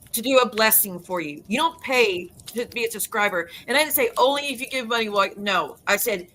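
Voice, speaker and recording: A woman's voice: on the high side, pushed and bright, slight background noise. Heated, swearing woman ranting to camera. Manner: heated, profane, rapid restarts and self-interruptions. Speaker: YouTube creator. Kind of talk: ranting monologue to viewers.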